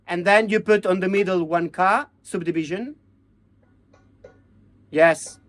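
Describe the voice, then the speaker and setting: A man teaching hand-drum technique, chanting drum syllables and counting beats in halting. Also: high-pitched, slight background noise. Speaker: percussion teacher. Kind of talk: hands-on music lesson.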